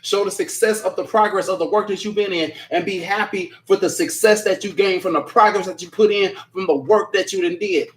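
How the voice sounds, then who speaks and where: A man's voice: high-pitched, a little fast, few pauses. A man hosting a casual livestream and reading viewer comments aloud, talking bluntly and emphatically, swearing freely and repeating his points. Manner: apologetic after ranting.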